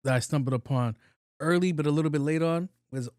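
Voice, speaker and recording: A man's voice: fairly high pitch, fast talker, darkish tone, no echo, studio quality. A man hosting a podcast alone, telling comic stories in a loose, profane way and acting out what people said. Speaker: podcast host. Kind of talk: comedic storytelling monologue.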